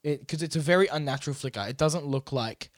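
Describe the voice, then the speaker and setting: A man with a fairly high voice co-hosts a relaxed podcast. He rambles, fills pauses with ums and breaks into giggles. The sound is dry and close to the mic. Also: dry recording. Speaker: podcast co-host. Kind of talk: casual chat.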